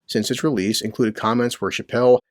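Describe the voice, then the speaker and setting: A man's voice: medium pitch, fairly even intonation, a little fast, dry recording, studio quality. Blunt, profane middle-aged man ranting. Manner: blunt, crude, ranting, rhetorical questions. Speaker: commentary channel host. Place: home basement near a boiler.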